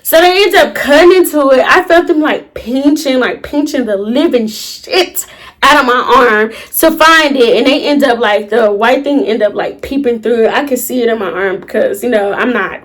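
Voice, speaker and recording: High-voiced woman telling a dramatic story. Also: normal speed. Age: late 20s. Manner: dramatic, animated retelling with slang and asides to viewers. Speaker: storytime vlogger. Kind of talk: casual storytelling to camera.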